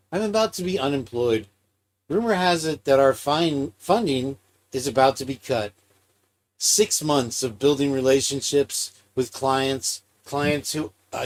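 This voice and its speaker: A man co-hosting a live stream and reading a book chapter aloud, with dry, wry remarks. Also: mid-range voice. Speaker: co-host and reader.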